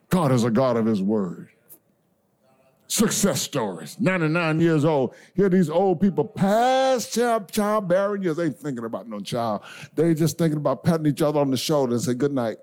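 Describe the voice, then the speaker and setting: Man, bishop, sermon, call-and-response, folksy, shouted climaxes, lively pitch. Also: normal speed. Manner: call-and-response preaching, swings from soft asides to shouted climaxes; folksy, addresses the congregation as y'all and baby. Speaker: bishop preaching. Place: church sanctuary before a congregation.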